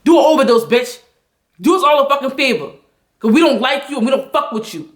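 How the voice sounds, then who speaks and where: A woman angrily venting a story on a livestream, talking loud, blunt and full of profanity. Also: high voice, expressive, fast, reverberant.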